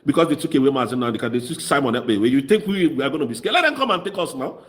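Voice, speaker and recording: A man's voice: medium pitch, lively intonation, very fast. A man with a Nigerian Igbo accent giving fiery, mocking political commentary. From southeast Nigeria. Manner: mocking, impassioned, switches into Igbo.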